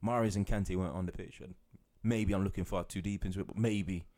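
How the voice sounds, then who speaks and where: A man's voice: deep voice, steady tone, warm tone. A man co-hosting a casual football podcast, rambling and restarting his sentences often. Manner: rambling, halting, many restarts. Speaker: podcast co-host.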